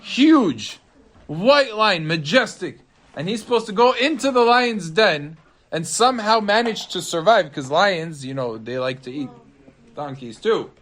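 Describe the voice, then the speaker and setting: A man, a rabbi, telling a story to listeners with animated, dramatic swings of pitch and loudness. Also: moderate pace.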